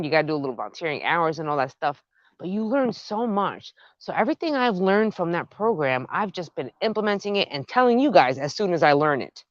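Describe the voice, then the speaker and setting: A woman's voice: fairly low pitch, dry recording, muffled recording. A woman with a North Jersey accent, chatting casually with live viewers while she works in her outdoor garden. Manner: chatty, excitable, talks to viewers. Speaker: gardening vlogger, live stream host.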